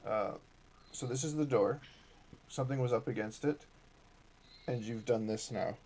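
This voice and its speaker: A man running a tabletop game as dungeon master, describing scenes in a halting way full of fillers and restarts. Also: mid-range voice, darkish tone. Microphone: streaming setup with cameras.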